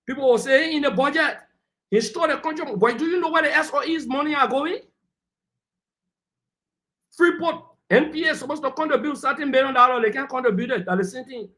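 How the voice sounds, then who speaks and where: A man's voice: extremely high pitch, brisk, sharp tone. A man, arguing heatedly as a panelist on a political talk show and lecturing the people who cut in. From Liberia. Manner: combative, lecturing, talks over interruptions.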